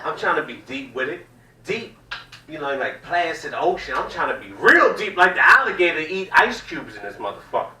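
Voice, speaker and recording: A man from the South works a small comedy room with a loud, profane, rambling set. His voice sits high and leaps wildly up and down, with a bright, sharp edge. The sound is roomy and echoey, and he comes across at a slight distance from the microphone. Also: very animated, a little fast, hardly any pauses. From American South. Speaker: stand-up comedian.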